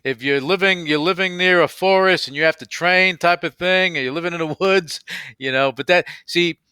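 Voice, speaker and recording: A man's voice: high-pitched, normal speed, bright, forceful tone, clear, resonant tone, dry recording, clean studio sound. A man hosting a radio show, chatting casually and agreeably with his guest, often repeating himself. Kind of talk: casual interview chat.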